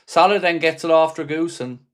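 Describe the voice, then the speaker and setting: A man's voice: a little high, fairly quick. A man hosting a live football watchalong for fans, commentating on the match with frustration, swearing freely and reading out viewers' chat messages. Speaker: fan channel host.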